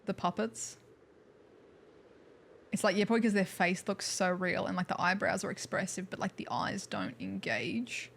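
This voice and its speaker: A woman's voice: on the low side, lively intonation, moderate pace, gravelly, slight background noise. A woman streaming a video game, chatting casually, thanking viewers and making wry asides. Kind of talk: casual livestream commentary.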